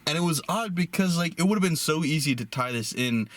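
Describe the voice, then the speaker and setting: A young man co-hosting a casual movie review chat, animated and fond of acting out lines in mocking voices. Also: on the high side, fairly quick. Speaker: podcast co-host.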